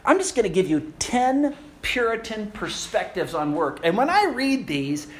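A male pastor preaching a sermon, asking rhetorical questions and telling stories in an animated way. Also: high-pitched, a little slow.

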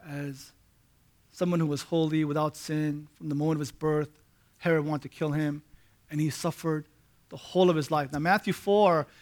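A man preaching a sermon, conversational with "right?" check-ins, building to loud emphatic peaks. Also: on the high side. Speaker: pastor.

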